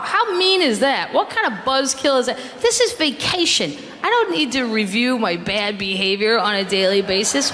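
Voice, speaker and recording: A middle-aged woman comedian spins stand-up stories in a wry, incredulous, mock-indignant way, her voice pitched a little high. She is recorded live on a club stage, the sound carrying a long reverb with steady noise beneath it.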